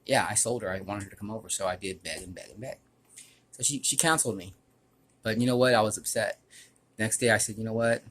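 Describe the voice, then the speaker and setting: A man's voice: lowish voice, quick pace, a bit bright. Aggrieved man rambling through a story. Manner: rambling, with repeated restarts; earnest, aggrieved. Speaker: YouTuber. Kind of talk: personal storytelling to camera.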